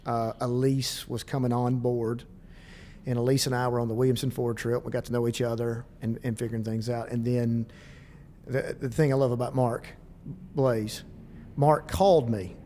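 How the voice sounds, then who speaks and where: A man's voice: medium pitch, a little hiss or hum. A middle-aged man with a Southern US accent, speaking as a school district administrator in a casual podcast interview and acting out bits of dialogue as he tells stories. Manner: animated, quick storyteller who acts out dialogue.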